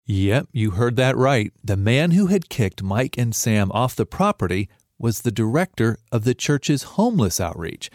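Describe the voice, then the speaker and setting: A male narrator with a middling pitch lets his voice rise and fall with animation. He speaks directly to the listener as he narrates a news feature. The recording is dry and close. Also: very animated, measured pace, hardly any pauses, darkish tone, no room sound.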